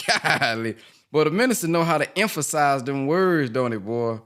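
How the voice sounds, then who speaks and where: A man's voice: a little high, lively intonation, moderate pace, fairly bright tone, clean tone. A man hosting a casual talk show, joking and slangy in his speech. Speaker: host. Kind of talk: casual chat.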